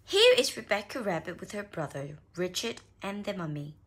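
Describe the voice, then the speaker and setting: A woman reading a children's picture book aloud, expressive, with small slips. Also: medium pitch, normal speed, breathy edge. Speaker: storyteller.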